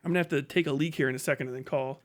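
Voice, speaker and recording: A man's voice: mid-range voice, steady tone, rapid-fire. A man hosting a livestream, talking in a heated, profane rant. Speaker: livestream host.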